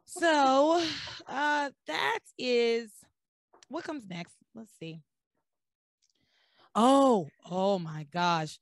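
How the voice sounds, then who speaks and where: A woman with a fairly high voice, recapping a soap in lively, sarcastic casual chat. The sound is dry and close, with no room around her. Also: drawn-out words, pauses often, dry recording. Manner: animated storytelling with sarcastic asides. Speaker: podcast host recapping a soap opera.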